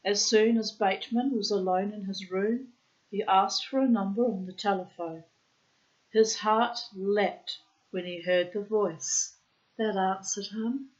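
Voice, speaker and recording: A tired woman reads a classic short story aloud at a slow, careful pace. Her voice sits at a middling pitch. The recording is slightly dull and muffled. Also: fairly even intonation. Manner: unhurried, careful reading with asides. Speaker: audiobook reader.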